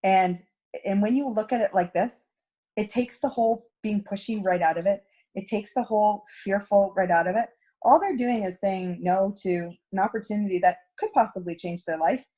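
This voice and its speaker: A woman's voice: medium pitch, moderate pace, dark tone. A middle-aged woman coaching a direct sales team in a chatty storytelling talk, acting out quoted dialogue. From Canada.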